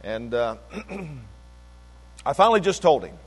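An older man preaching and telling a story, swinging between emphatic peaks and low asides, with a lot of repetition. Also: big pitch swings, takes it slowly, a little hiss or hum. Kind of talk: sermon-style testimony. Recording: long hall reverb.

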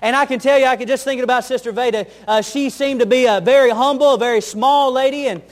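A man's voice: very high-pitched, fast talker. A young adult man, a pastor, preaching a sermon in an earnest way, telling homely stories and repeating his key phrases.

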